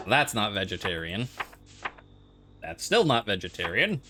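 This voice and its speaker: A man's voice: fairly low pitch, measured pace. A man giving casual, rambling commentary while playing a game, full of joking asides. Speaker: game player. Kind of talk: casual let's-play commentary. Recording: steady background noise.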